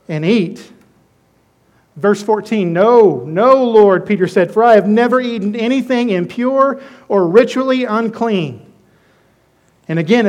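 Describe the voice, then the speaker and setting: A man's voice: high-pitched, a little mellow. A male preacher giving a conversational sermon, asking his listeners questions.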